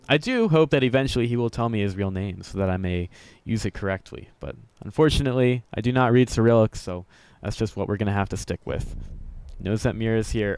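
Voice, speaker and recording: A man calls a video game match play-by-play with upbeat energy and a running thread of self-mocking jokes. His voice is smooth and resonant at an ordinary male pitch. The recording is dry and close. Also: no echo. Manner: upbeat, jokey, self-deprecating, chuckles often. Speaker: esports commentator.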